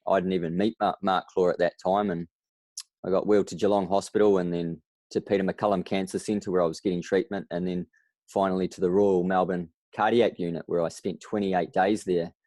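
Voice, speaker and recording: Kiwi guy with a really low voice telling his story on a podcast, does the voices when he quotes people, dry close sound. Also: little pitch movement, a little fast, warm tone, dry recording. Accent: New Zealand. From New Zealand. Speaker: guest. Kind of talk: casual interview.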